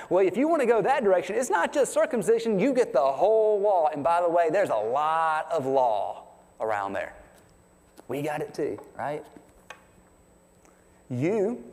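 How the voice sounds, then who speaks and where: In a reverberant church sanctuary with the long echo of a big hall, a pastor with a slightly high male voice preaches. His sermon is lively and conversational, full of questions aimed at the congregation.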